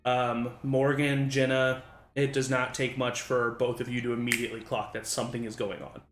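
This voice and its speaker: A man's voice: medium pitch, level tone, moderate pace, roomy sound, noisy background. A man narrating as game master for a tabletop game, rambling with many fillers.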